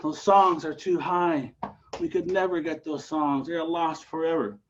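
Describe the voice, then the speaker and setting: A man voicing a brave, determined raven in a told folk story, crying out in a high, strained voice. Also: fairly even intonation, unhurried, lo-fi sound, slight background noise, natural voice. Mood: defeated. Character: determined young raven bird, earnest and brave.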